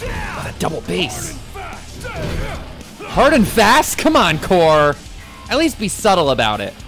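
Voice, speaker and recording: A man streaming a video game, chatting in animated, jokey and rambling commentary into a desk microphone. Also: high voice, slow pace. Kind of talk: let's play commentary. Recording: game music behind.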